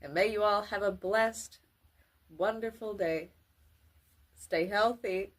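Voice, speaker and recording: Slow, deliberate woman teaching grammar. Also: medium pitch. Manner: slow, deliberate, formal wording. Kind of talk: children's grammar lesson.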